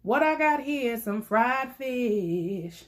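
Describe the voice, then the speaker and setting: A woman's voice: a little high, lively intonation, takes it slowly. A young woman chatting playfully to her viewers while eating, laughing often as she talks. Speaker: mukbang vlogger. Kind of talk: casual chat while eating.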